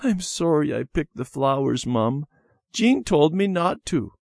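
A man's voice: unhurried, creaky, no echo, studio quality, heavily acted. A man doing an eager little girl. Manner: high excited childlike voice. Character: young girl, eager and stubborn.

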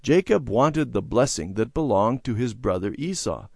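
A man narrating a children's moral story in an expressive, sing-song reading style. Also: mid-range voice, moderate pace, vocal fry, no room sound, studio quality. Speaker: story reader.

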